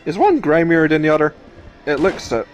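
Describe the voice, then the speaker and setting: A man's voice: on the high side, big pitch swings, fairly quick, soft background music. A man hosting a let's play, chatting casually, thinking aloud and swearing freely as he plays. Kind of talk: casual gameplay commentary.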